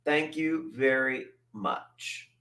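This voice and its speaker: A man with a mid-range voice and a bright, forceful tone hosts a casual livestream, speaking very slowly as he rambles, swears, and reacts to chat and videos, sometimes mimicking voices.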